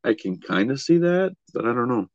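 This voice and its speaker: A man's voice: mid-range voice, sing-song, brisk, no echo, muffled recording. A man co-hosting a podcast in casual chat, blunt and profane, hedging often. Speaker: podcast co-host.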